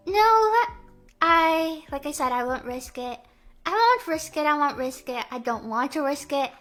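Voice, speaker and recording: Young woman streamer, high and sharp-toned, Valley-girl rambling with lots of "um" and "like". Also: big pitch swings, unhurried, soft background music. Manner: rambling, filler-heavy, Valley-girl talk; stammering, repeating phrases. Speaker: VTuber streamer. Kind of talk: casual livestream chat.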